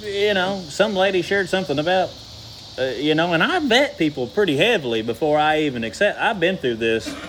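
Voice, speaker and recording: A man preaches in a relaxed, folksy way, tossing questions out to his listeners. His voice sits a bit high for a man. A faint hum of ambience runs behind him. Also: brisk, low-quality recording. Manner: folksy, conversational, asks the crowd questions. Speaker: pastor. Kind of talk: sermon with folksy storytelling.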